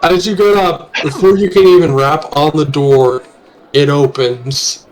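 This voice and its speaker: A man's voice: a little high, fairly even intonation, measured pace, crowd noise. A man working as game master, narrating a tabletop game with hesitant, filler-laden phrasing.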